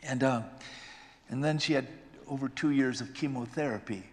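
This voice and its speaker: Emphatic preacher in a reverberant hall. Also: male voice, medium pitch, normal speed. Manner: emphatic, swings from loud exclamations to hushed storytelling. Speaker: pastor. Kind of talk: sermon.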